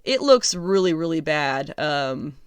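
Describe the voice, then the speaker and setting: A woman hosting a casual solo review podcast, chatty and sarcastic, laughing often and filling pauses with ums. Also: deep voice, very animated, clear, resonant tone, dry recording, studio quality. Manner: chatty, lots of ums and restarts. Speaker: podcast host.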